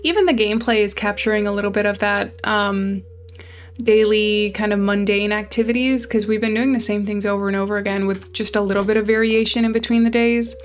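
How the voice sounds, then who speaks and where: A woman's voice: medium pitch, fairly even intonation, fairly quick. A woman playing a narrative game, chatting casually and reading the game text aloud in a thoughtful way. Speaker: let's play gamer.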